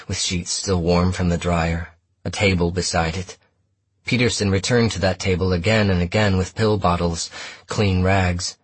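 A man narrating a first-person story in a measured, steady audiobook reading. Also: deep voice, slightly rough, no room sound.

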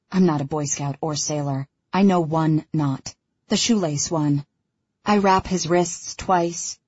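A woman reading a first-person audiobook in an intimate, hushed manner, with a husky voice. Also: low voice, dry recording, lo-fi sound. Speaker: audiobook narrator.

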